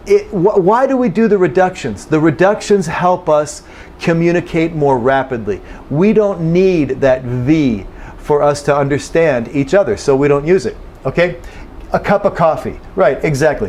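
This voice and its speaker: An American man gives an English pronunciation lesson. His voice sits a little high for a man, and he explains step by step, repeating key phrases so learners catch them. Now and then he slips into quick spoken examples. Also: darkish tone, a little hiss or hum. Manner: drops into quick acted dialogue to demonstrate. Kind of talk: language lesson.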